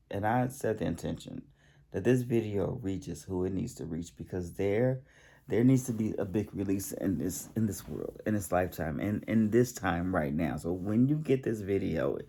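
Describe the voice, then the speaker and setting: A man speaks in a low, gravelly voice with a dark, mellow tone. He gives a spiritual healing talk straight to camera, halting often and circling back over his own words. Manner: halting, repeats himself, pauses to yawn. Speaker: self-help channel host.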